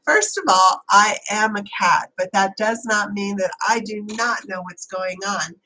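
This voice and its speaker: A woman's voice: medium pitch, unhurried, pushed and bright, poor audio. A woman speaking as her small, sweet female black cat, talking in a chatty, self-assured way. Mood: affectionate.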